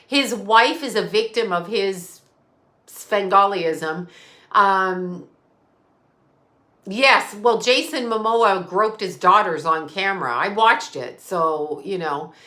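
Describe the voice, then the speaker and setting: A woman's voice: mid-range voice, takes it slowly, bright, forceful tone. A middle-aged woman ranting on an unscripted live stream, blunt, profane and sarcastic. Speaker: psychic medium live streamer.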